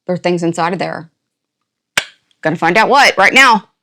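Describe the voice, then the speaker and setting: An older woman hosting a casual unboxing, chatty and playful with quick asides and a jokey put-on country twang. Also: on the low side, lively intonation, pushed and bright, a little hiss or hum. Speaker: unboxing channel host. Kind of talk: casual product unboxing chat.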